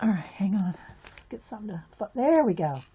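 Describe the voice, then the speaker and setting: A woman with a mid-range, mellow, slightly rough voice talks fairly quickly and very animatedly. She's hosting a relaxed livestream, coloring with her viewers while chatting, gushing, and exclaiming frequently, recorded in dull lo-fi sound.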